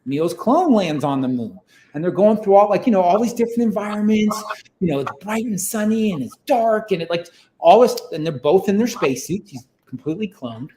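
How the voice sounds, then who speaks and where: Seorang pria bersuara agak tinggi bercerita dengan santai dan bertele-tele sebagai tamu podcast. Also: male voice, high voice, expressive, fairly quick, mellow, reverberant, slight background noise. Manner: rambling, many fillers like "like" and "you know". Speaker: podcast guest. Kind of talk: casual storytelling.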